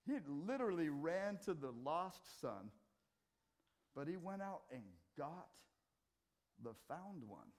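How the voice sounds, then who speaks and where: Middle-aged man, pastor, sermon in a church, fairly high voice, loud readings, quiet asides. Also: slow, long pauses. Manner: animated preaching, rising loud on scripture and dropping to quiet asides. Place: church sanctuary.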